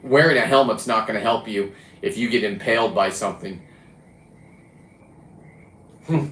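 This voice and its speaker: A diver and fishing vlogger talks in a casual, rambling monologue, his voice on the low side, a bit bright, at a moderate pace. He is blunt and profane, often restarting sentences, with slight background noise and a roomy echo.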